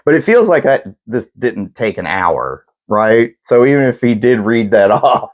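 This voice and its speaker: A man's voice: medium pitch, sing-song, unhurried, dull audio. A young man co-hosting a podcast, telling history casually in a rambling, profane way and acting out what people said. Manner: profane, rambling storyteller, acts out quotes. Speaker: podcast co-host.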